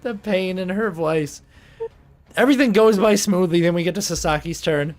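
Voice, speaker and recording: A man running a tabletop game as game master, chatty and animated, often laughing as he talks through the rules. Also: high-pitched, moderate pace.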